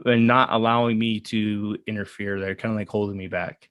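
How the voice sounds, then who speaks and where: A man's voice: lowish voice, steady tone, fairly bright tone, clear, resonant tone, dry recording. Guy in his 30s telling his story, earnest, lots of ums and restarts, dry close sound. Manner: earnest, halting with fillers and restarts. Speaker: guest. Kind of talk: casual storytelling.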